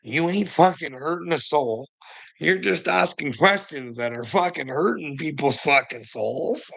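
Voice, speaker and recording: A man's voice: a little high, animated, a little slow, vocal fry, a bit bright. A man ranting in a rambling monologue to his viewers, swearing constantly and breaking into frequent nervous laughs. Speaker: vlogger.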